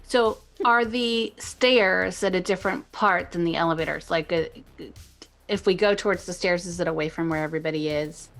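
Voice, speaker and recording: A woman playing a tabletop game, asking questions in a deliberate way. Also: lowish voice, creaky, a bit bright, soft background music. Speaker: player.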